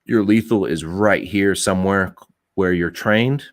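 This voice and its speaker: A middle-aged man with a very low voice talks bluntly in a loose, rambling way, often restarting his sentences and swearing as he makes his points. The sound is dry and close. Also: a little slow, no room sound. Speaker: podcast host. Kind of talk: casual opinionated talk.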